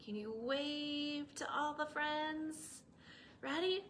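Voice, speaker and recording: A young woman, a children's librarian, reading a picture book aloud to young children with an expressive, engaging manner. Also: high-pitched, slow pace, slight background noise. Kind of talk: children's storytime read-aloud.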